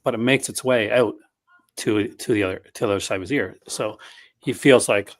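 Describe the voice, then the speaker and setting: A man's voice: fairly low pitch, moderate pace, pauses often. A man in a casual podcast chat, rambling through a story with restarts and laughing at his own jokes.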